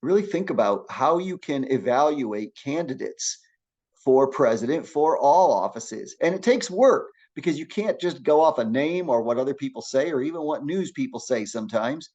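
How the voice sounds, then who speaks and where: A middle-aged man teaching a public speaking class, lecturing in an energetic, encouraging way with frequent restarts. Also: medium pitch, moderate pace, highs cut off.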